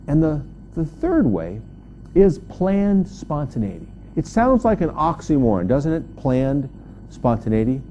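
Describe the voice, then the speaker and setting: A man giving a humorous motivational talk, telling stories and jumping high on punchlines. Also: lo-fi sound, slight background noise. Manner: animated storyteller, jumps high on punchlines. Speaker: motivational speaker.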